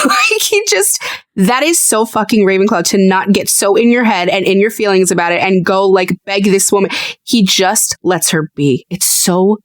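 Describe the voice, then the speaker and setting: Podcast co-host: lively woman, swears a lot, acts out quotes, dry close mic. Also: mid-range voice, normal speed, no room sound. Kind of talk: casual chat.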